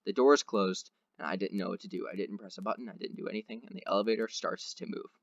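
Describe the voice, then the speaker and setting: A man's voice: lowish voice, fast talker, vocal fry, dry recording, lo-fi sound. A man hosting a podcast, telling a long rambling anecdote in casual chat with lots of fillers. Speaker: podcast host.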